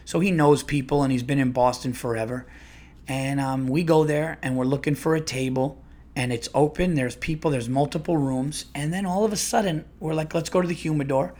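A man's voice: fairly high pitch, moderate pace, a little mellow. A man, a comedian and podcast host, telling a rambling, profane story with many restarts. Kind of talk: casual storytelling monologue.

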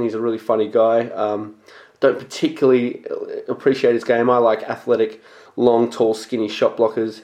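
A man hosting a casual sports podcast, talking bluntly and excitably and swearing casually. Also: medium pitch. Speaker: podcast host. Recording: echoey room.

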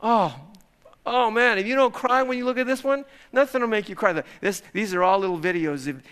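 Male pastor, middle-aged, high-pitched and bright; lively preacher who swings between soft asides and loud outbursts. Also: fairly quick, clear, resonant tone. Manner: animated, swings from hushed to loud exclamations. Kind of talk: sermon.

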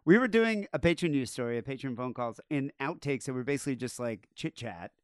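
A man's voice: mid-range voice, expressive, brisk, clear, resonant tone, no echo, clean studio sound. A man hosting a podcast in casual chat, with crude jokes and an offhand way of talking. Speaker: podcast host.

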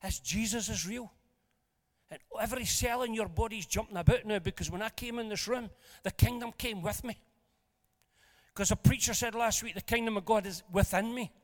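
High-voiced pastor in a reverberant hall. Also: male voice, normal speed. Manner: animated, jokey storyteller who swings between loud and hushed. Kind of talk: storytelling sermon. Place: church hall. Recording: long reverb of a church hall.

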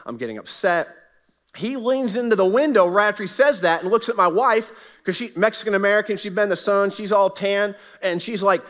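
A man's voice: high voice, expressive, fairly quick, fairly bright tone. A middle-aged man preaching a sermon as a pastor, telling a personal story in an earnest, conversational way. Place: church sanctuary.

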